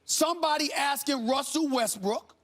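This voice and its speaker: A man's voice: extremely high pitch, moderate pace, a bit bright. A man hosting a heated sports debate show, interrupting and repeating himself as he argues his point. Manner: interrupting, emphatic, repeats words. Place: TV studio.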